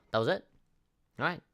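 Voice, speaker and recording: A man's voice: a little high, sing-song, takes it slowly, sharp tone. Laid-back swearing male streamer. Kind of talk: casual live-stream chat. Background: game music.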